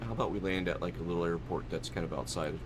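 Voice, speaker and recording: A man's voice: low-pitched, racing, noisy background. A man hosting a live stream, chatting casually and rambling as he flies a flight simulator, often correcting himself and laughing.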